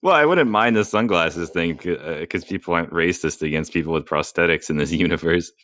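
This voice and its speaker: A man's voice: low-pitched, fairly quick, a bit bright, no room sound. A young man in a casual podcast chat with friends, dry and laughing through his asides. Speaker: podcast co-host.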